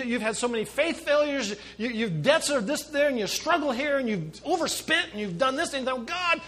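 Man, pastor, middle-aged, bright ringing voice, impassioned sermon, soft asides, loud emphasis. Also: extremely high pitch.

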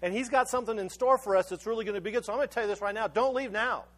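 A man's voice: high voice, rapid-fire, a bit bright. A male pastor giving a conversational sermon, often stammering and restarting his words as he tells a story.

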